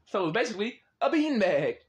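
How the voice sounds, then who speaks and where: Lively, slangy young man. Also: high-pitched, a little fast. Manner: slangy, swears often, loud exclaiming reactions and laughs. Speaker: host chatting with strangers on a random video chat app. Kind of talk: casual chat.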